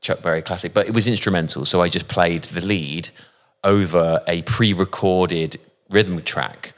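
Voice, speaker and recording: A man from England, a guest musician in a casual interview, telling thoughtful anecdotes with frequent pauses and fillers. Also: low-pitched, steady tone, fairly bright tone. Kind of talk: casual interview, reflective storytelling.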